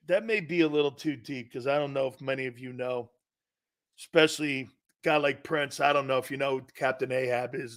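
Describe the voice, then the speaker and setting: A man's voice: mid-range voice, fairly bright tone. A middle-aged man hosting a sports talk show, chatting casually and reacting to viewer comments with frequent laughter and rambling asides.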